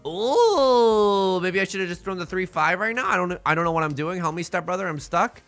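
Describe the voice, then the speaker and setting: A man's voice: sits high, fairly even intonation, fast talker, sharp tone, faint music behind. A young man streaming a game, rambling in a goofy, jokey way as he plays. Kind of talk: casual game commentary.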